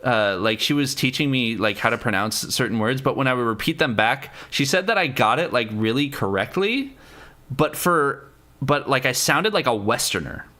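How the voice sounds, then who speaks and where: A man's voice: medium pitch, expressive, normal speed, sharp tone. A man hosting a casual livestream. He talks with viewers in a rambling, profane way, full of fillers and restarts, and playfully tries out foreign words. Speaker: livestream host.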